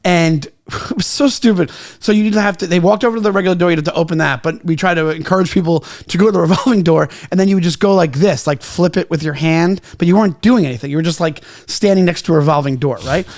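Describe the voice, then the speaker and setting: High-voiced laughing man telling stories. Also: fast talker, few pauses. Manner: laughs often mid-sentence, animated storytelling. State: hungover. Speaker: guest comedian. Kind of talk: casual podcast chat.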